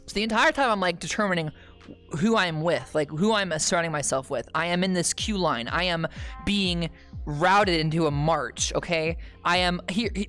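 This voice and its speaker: A woman streamer telling a long, rambling story to her chat, with frequent "okay?" asides and sudden loud outbursts. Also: lowish voice. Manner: bursts into loud shouting at punchlines.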